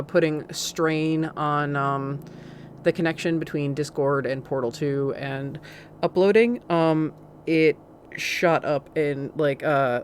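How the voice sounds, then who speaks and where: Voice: medium pitch, a little hiss or hum. A game streamer giving casual let's-play commentary, rambling and hesitant, with many fillers.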